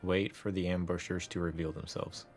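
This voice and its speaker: A man's voice: sits low, flat delivery, normal speed, soft background music. A young man casually commenting on a game he is streaming, laughing often and saying "like" a lot.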